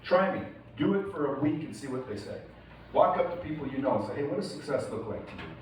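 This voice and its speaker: A keynote speaker addresses a live audience in a big indoor event hall, his medium-pitched voice lively and fast, with a little hiss or hum. The motivational talk is casual and profane, packed with stories and laughter, and the echoey room is recorded from far off.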